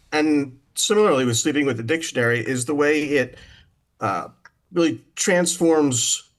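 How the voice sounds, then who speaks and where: A man shares his thoughts in a seminar discussion, pausing and restarting as he works out his ideas. His voice sits at a middle pitch. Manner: thoughtful, hesitant, many ums. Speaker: seminar participant.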